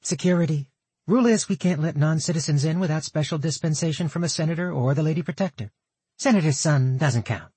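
A man voicing a brisk, rule-bound city guard in an audiobook, matter-of-fact. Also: a little high, warm tone, husky, no room sound, pitched above the performer's own voice.

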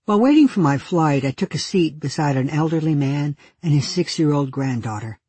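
A man reads his diary entries in a mellow, slightly husky voice, his humor dry and deadpan. His pitch sits a little high, and the recording is close and dry. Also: a little fast, no room sound. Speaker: narrator. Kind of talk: reading personal diary entries aloud.

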